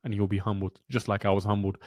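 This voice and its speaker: A man's voice: lowish voice, flat delivery, fast talker, a little mellow, no room sound. Young man, trading mentor, blunt, passionate, repeats himself for emphasis, dry close sound. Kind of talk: motivational webinar lecture.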